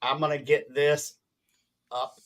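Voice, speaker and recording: A man's voice: fairly high pitch, little pitch movement, slow pace. A man co-hosting a paranormal interview show, speaking hesitantly with fillers in casual chat. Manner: hesitant, filler-laden, quiet asides. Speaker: podcast co-host.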